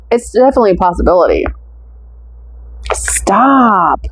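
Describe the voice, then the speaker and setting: A woman's voice: lowish voice, animated, slow pace, pauses often, a little mellow, a little hiss or hum, low-quality recording. An American woman chatting casually through a scent haul, gushing and stretching out her descriptive words. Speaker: wax melt haul reviewer. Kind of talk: casual product review chat.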